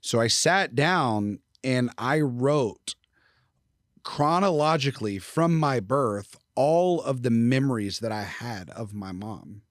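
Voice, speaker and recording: A man's voice: medium pitch, animated, takes it slowly, no room sound, studio quality. A middle-aged man speaking as a podcast guest, telling stories in a candid, casual way, swearing freely and acting out quoted dialogue. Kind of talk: casual storytelling.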